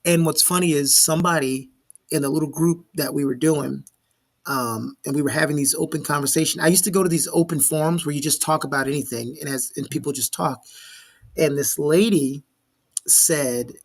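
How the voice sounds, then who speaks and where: A man in his forties, originally from Miami, hosts a casual live talk show. His voice sits a little high for a man, and he tells stories animatedly, playing out every line of the dialogue. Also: moderate pace, creaky. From Miami, Florida. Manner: animated storyteller, acts out the dialogue. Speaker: show host.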